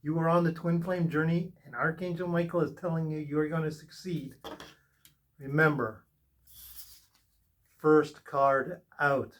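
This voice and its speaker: A man's voice: on the high side, steady tone, moderate pace. A man giving a spiritual tarot reading in an earnest way, repeating short reassuring phrases. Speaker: tarot reader.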